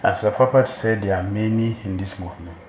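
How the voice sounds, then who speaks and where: A spiritual teacher with a lowish, darkish voice preaches fast in a temple hall, the sound echoing through the room over slight background noise. His sermon is emphatic, and he repeats key phrases to drive them home.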